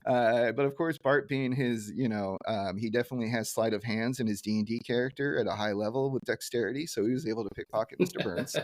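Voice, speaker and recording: A man co-hosting a casual podcast, recapping a cartoon episode with lots of fillers and quick jumps into silly character voices. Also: darkish tone, no echo. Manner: rambling, many fillers, breaks into silly high character voices when quoting. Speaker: podcast co-host.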